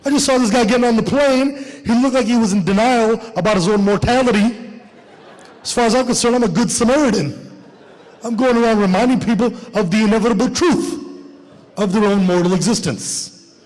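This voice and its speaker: A man performing stand-up comedy, telling a story in an animated way and acting out the dialogue. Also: extremely high pitch, brisk, in a large hall.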